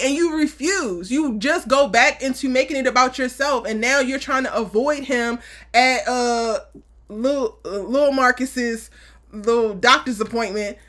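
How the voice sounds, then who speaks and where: Woman host, high bright voice, blunt and emphatic TV recap talk. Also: unhurried. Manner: blunt, emphatic, swears, acts out what she said. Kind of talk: live aftershow recap chat.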